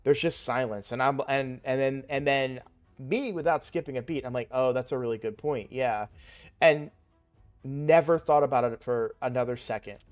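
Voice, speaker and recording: A man's voice: medium pitch, moderate pace, faint music behind. A young man casually telling a personal story while playing a game, rambling with lots of fillers and restarts. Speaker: gaming streamer.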